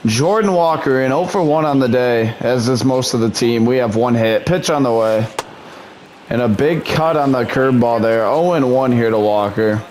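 This gaming YouTuber has a mid-range, slightly mellow voice and speaks at a moderate pace. He calls his own video game like a mock announcer, with frustrated muttering in between.

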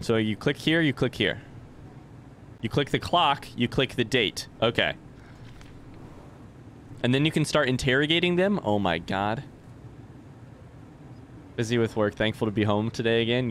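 A man's voice: medium pitch, fairly bright tone, slight background noise. A young man doing live let's-play commentary, chatting with viewers and reading game text aloud.

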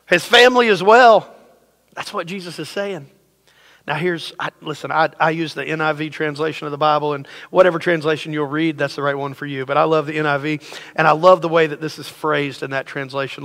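A man preaching a sermon to a congregation, animated and talking straight to the room, acting out the voices in the story. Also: fairly high pitch. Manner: animated, acts out quoted voices, addresses the congregation directly. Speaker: pastor. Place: church sanctuary. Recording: long hall reverb.

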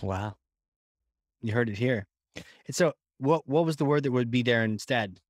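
Man, podcast host, relaxed joking questions, middle pitch, dry close sound. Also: measured pace, dry recording. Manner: easygoing, jokey, laughs along. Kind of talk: casual podcast interview.

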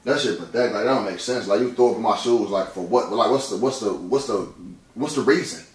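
Angry dude yelling fast, high voice, cussing nonstop, echoey room, mic kinda far. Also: male voice. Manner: loud, profane, repeats himself. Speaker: husband in a prank vlog. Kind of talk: angry ranting argument.

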